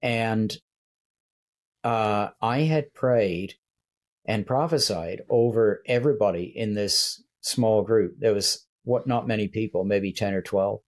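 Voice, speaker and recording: Older man, slightly low voice, reflective host sharing faith stories in halting speech. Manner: reflective storyteller, hesitant with many restarts. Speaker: church leader and podcast host. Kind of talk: casual conversation on faith.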